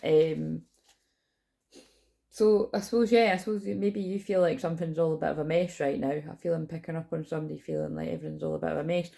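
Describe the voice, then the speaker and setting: A woman with a gravelly, slightly sore-throated voice, rambling casually as a tarot reader channeling messages. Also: fairly even intonation, fast, mellow. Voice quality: gravelly low voice. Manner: rambling, self-correcting, chatty. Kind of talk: casual spiritual channeling talk.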